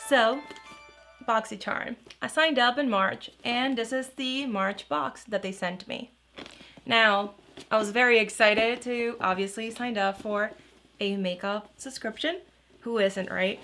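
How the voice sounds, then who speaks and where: A woman's voice: on the high side, a little slow, sharp tone, soft background music. A woman beauty vlogger chatting casually through a product review, rambling with restarts and lots of "you know".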